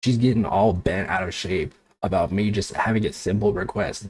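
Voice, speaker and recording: A man's voice: low-pitched, steady tone, normal speed, darkish tone, slightly rough. A man streaming as a VTuber, ranting casually with exasperation, swearing and sarcasm. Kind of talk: casual livestream chat.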